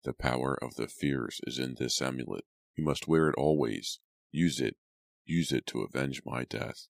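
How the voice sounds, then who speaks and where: A haunted, dying older father murmurs his last words in a weak voice, as a man reading a storybook puts him on. The voice is very deep, quiet and dry. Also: steady tone, takes it slowly, smooth, no room sound, full character voice.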